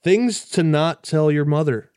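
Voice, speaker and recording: A man's voice: fairly high pitch, measured pace, no room sound, studio quality. Young man rambling easily on a podcast. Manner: relaxed, rambling, trails off with fillers. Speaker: podcast co-host. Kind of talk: casual banter.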